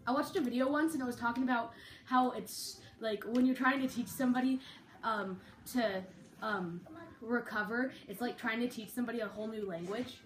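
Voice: mid-range voice, fairly quick, fairly bright tone, reverberant, far from the mic, slight background noise. A gaming channel host giving casual, teasing commentary over a match, yelping at game events.

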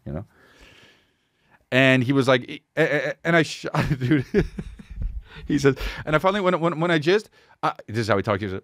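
A man's voice: high voice, lively intonation, brisk, fairly bright tone, no room sound, studio quality. A man hosting a podcast, telling a story in casual, profane chat with bursts of laughter. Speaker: podcast host.

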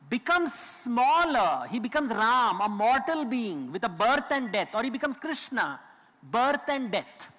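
A man's voice: very high voice, sharp tone. A man giving a lecture, explaining with stories and emphatic repetition. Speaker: public speaker. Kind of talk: lecture talk. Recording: long hall reverb.

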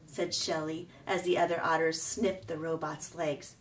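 A woman reading a children's chapter book aloud in an expressive, animated way. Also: deep voice, measured pace, far from the mic, rough recording.

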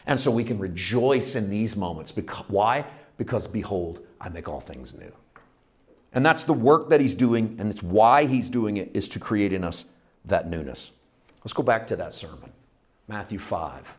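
A man preaching a sermon in a conversational, folksy way, building to loud, fervent passages. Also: sits low. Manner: folksy, plain-spoken phrasing. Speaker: pastor.

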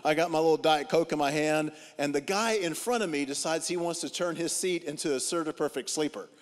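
Guest preaching in a church auditorium, a man with a slightly high, brisk voice delivers a humorous sermon, telling stories with comic timing and acting out people's dialogue. The big hall adds long reverb.

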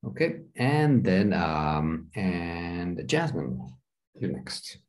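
A man's voice: low voice, sing-song, drawn-out words, darkish tone. A man teaching an online English class, encouraging and explaining with examples. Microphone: video call.

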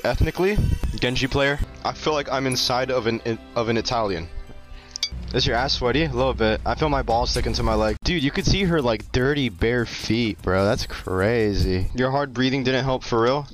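A young male streamer talks into a desk mic over steady game music, his pitch swinging widely as he jokes. His banter is crude and profane, and he breaks into loud shouted outbursts. He sounds like he is playing at his home desk. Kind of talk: casual live-stream gaming chat.

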